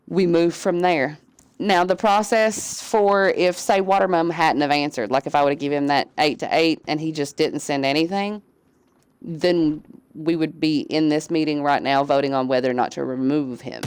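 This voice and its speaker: A woman's voice: low voice, a little mellow, clear, resonant tone, dry recording. A woman, casually explaining things to her crew on a live game stream, drawling with lots of fillers. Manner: laid-back, drawling, many fillers.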